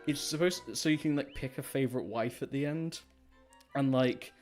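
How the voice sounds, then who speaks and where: A streamer giving casual, rambling commentary on a game, chatty and quick to laugh. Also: medium pitch, a little mellow, soft background music. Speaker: let's play streamer.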